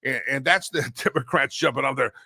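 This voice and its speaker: A man hosting a talk show, telling stories in a lively, animated way with frequent laughs and sudden loud bursts. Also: medium pitch, fairly quick, breathy edge, no room sound, studio quality. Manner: animated storyteller, laughs often, swings loud. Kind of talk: casual talk show banter.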